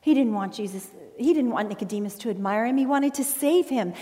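A woman pastor preaching a sermon in an earnest way, with emphatic pauses. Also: a little high, lively intonation, dark tone. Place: church sanctuary. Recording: reverberant church hall.

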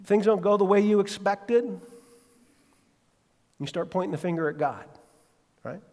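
A male pastor preaches a sermon in a large hall, his high-sitting voice unhurried. He tells stories animatedly, acts out quotes, and asks the listeners direct questions.

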